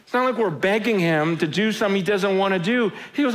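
A man preaching an impassioned sermon, moving from loud outcries to low, intimate asides. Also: fast talker.

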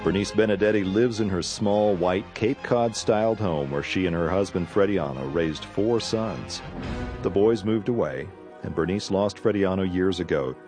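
A man's voice: low voice, moderate pace, over music. A man narrating and introducing a radio drama in an upbeat announcer style. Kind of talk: scripted narration.

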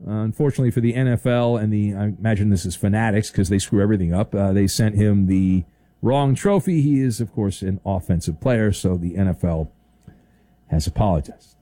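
A man's voice: on the low side, fairly quick, warm tone, dry recording. A man hosting a sports talk radio show, joking and playful.

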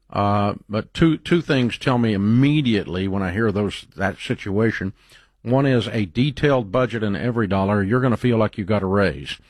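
Middle-aged male radio host, low husky voice, folksy and assured, dry studio sound. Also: dry recording. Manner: confident, plain-spoken, folksy. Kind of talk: call-in advice talk.

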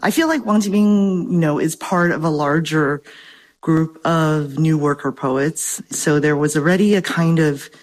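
A woman's voice: deep voice, darkish tone. A woman professor answering interview questions in an articulate, academic way, slightly out of breath. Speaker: professor and guest expert.

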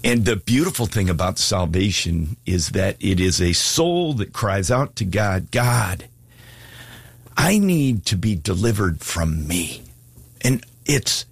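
A male preacher with a husky, lowish voice delivers an earnest broadcast sermon. He pleads with listeners and climbs into fervent, high appeals. The sound is dry and close. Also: no room sound. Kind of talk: sermon with altar call.

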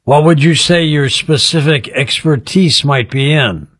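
A man's voice: fairly high pitch, measured pace, a bit bright, slightly rough, no echo, studio quality. A man hosting a radio talk show, teasingly quizzing a mystery guest. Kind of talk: playful radio interview.

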